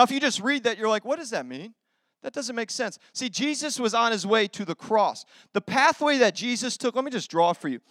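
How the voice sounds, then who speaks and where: A man preaching a sermon as pastor, telling a story in an animated way that swings from loud bursts to quiet stretches. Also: very high-pitched, dry recording, clean studio sound.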